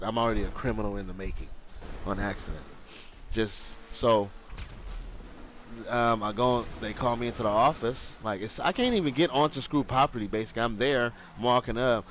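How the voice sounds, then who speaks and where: A man's voice: medium pitch, fairly quick, fairly bright tone, a little hiss or hum. A young man casually telling a rambling, profane childhood story, acting out the other people with raised voices.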